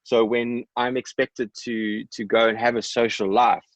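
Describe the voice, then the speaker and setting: A man's voice: mid-range voice, level tone, a little slow, no room sound. A South African man, a musician guest on a podcast, talking candidly and reflectively with many ums and restarts. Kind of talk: candid podcast interview talk. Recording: dull, dry sound.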